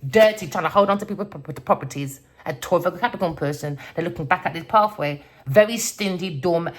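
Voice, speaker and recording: A woman with a lowish voice delivers a tarot reading as a furious rant. She is profane and confrontational, and drops into mutters before bursting out loud. It sounds like a solo online reading. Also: fast. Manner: angry, profane, confrontational, swings from low mutter to loud outbursts. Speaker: tarot reader. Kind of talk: ranting tarot reading monologue.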